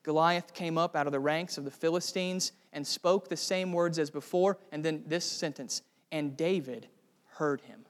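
A man's voice: on the high side, moderate pace, big-room sound. A male pastor preaching a sermon, earnest and building to fervent emphasis.

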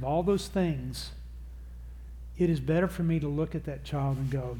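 A man's voice: a little high, a little slow, a little mellow. A middle-aged man giving a parenting seminar talk to a live audience, conversational and self-deprecating, acting out quotes. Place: church or seminar hall with audience.

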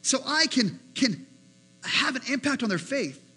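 A man preaching a sermon as pastor, animated, acting out the voices he quotes. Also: very high voice, unhurried, breathy edge, poor audio.

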